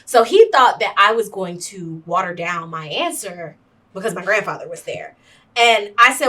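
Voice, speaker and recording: Bright, animated young woman podcaster. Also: medium pitch, moderate pace, recorded from a distance. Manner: animated, profane, acts out both sides of an argument. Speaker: podcast co-host. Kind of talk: casual chat, personal storytelling. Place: podcast studio.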